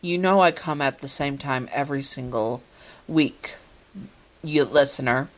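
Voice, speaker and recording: Woman doing stern male scientist, monotone, deadpan, low voice, amateur fan story reading. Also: unhurried. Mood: flat. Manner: flat monotone delivery.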